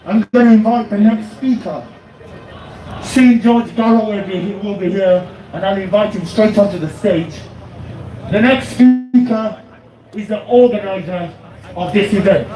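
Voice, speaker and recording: A man's voice: sits high, unhurried, noisy background. A man from the United Kingdom speaking at an outdoor street rally, rousing the crowd with an impassioned speech and leading chants through a handheld mic. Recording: echoey street, from a distance, loud crowd.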